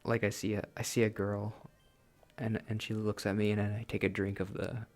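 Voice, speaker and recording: A man's voice: on the low side, flat delivery, a little fast, faint music behind. A man in his late twenties hosting a gaming channel, rambling casually and self-deprecatingly, often laughing at himself. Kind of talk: casual let's-play chat.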